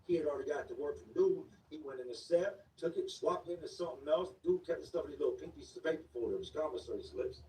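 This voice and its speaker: A man's voice: fairly high pitch, fast talker, few pauses, a little mellow. A man telling a first-person story in blunt street slang, casually acting out the voices of the people in it. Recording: echoey room, mic at a distance, faint background noise.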